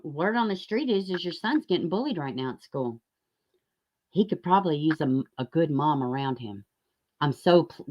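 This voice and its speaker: A woman hosting a profane, sarcastic commentary rant, jumping from loud outbursts to mocking near-whispers. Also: deep voice. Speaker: YouTube commentary host. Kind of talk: ranting commentary.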